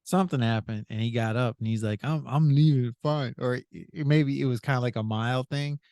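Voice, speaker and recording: A man's voice: mid-range voice, brisk, darkish tone, clear, resonant tone, dry recording, studio quality. A male podcast host telling a rambling, casual story, stacking up "I said" and laughing as he goes. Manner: retells with many "I said", laughs often.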